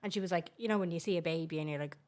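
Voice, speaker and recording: A woman's voice: on the low side, racing, a little mellow. An Irish woman co-hosting a podcast in casual chat, blunt and sweary, often trailing off mid-thought. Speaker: podcast co-host.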